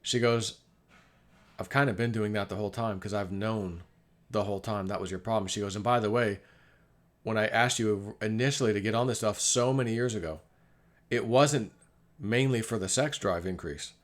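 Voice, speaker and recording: A man's voice: on the low side, moderate pace. A middle-aged man talking casually about his life in a rambling, confessional monologue, often acting out what people said. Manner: rambling, confessional, acts out quoted dialogue. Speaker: vlogger.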